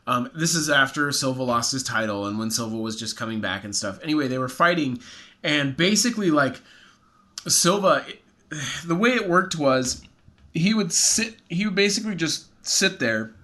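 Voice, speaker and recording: Bright-voiced man rambling through a story. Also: a little high, expressive, moderate pace. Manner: rambling storyteller, acts out quotes. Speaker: podcast co-host. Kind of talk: casual chat.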